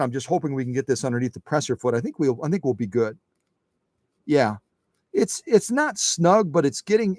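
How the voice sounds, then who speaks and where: A man's voice: mid-range voice, a little mellow, no room sound, clean studio sound. Folksy man demonstrating a sewing machine. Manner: chatty, folksy, reads viewer chat. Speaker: sewing machine restorer hosting a livestream. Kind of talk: live how-to demonstration.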